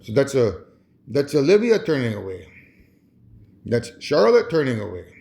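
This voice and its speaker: A man's voice: mid-range voice, very animated, normal speed, gravelly, mellow. A man talking to camera in a rambling monologue, chuckling often and restarting his phrases. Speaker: vlogger.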